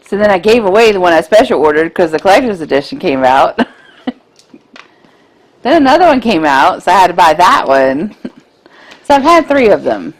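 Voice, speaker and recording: A woman in her thirties co-hosting a podcast, chatting casually and gushing with excitement about films she loves. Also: on the low side, moderate pace, pauses often. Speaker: podcast co-host. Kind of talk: casual chat.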